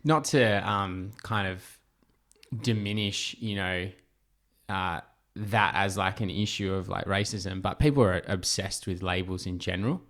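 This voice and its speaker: A man, originally from England, hosting a podcast in a relaxed, hesitant way. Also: sits low, unhurried. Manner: relaxed, hesitant, many fillers. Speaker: podcast host. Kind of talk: casual podcast interview.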